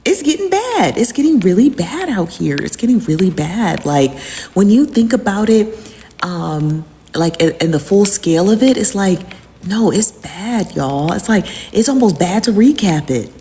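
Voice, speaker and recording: A woman's voice: medium pitch, animated, measured pace, mellow, long reverb tail, slight background noise. A woman hosting a casual recap chat, rambling and repeating herself with lots of fillers. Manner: rambling and repetitive, with frequent fillers. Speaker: host recapping live-stream drama.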